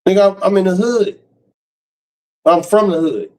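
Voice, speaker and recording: A man's voice: high voice, moderate pace, a little mellow, low-quality recording. A man ranting on his stream in a blunt, harsh way, cursing freely. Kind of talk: profane casual rant.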